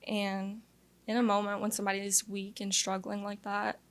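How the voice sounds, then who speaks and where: A young woman from Louisiana shares her testimony in an interview, speaking candidly and earnestly. Her voice has a steady gravelly fry, and it stays flat and even in pitch. She fills her story with frequent "like"s as she talks it through. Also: moderate pace. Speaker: guest sharing testimony.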